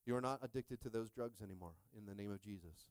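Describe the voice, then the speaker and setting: A middle-aged man preaching a sermon with lively energy, often checking in with the congregation. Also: fairly low pitch, fast talker, no echo. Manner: energetic, repeatedly asking "are you with me?". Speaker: pastor.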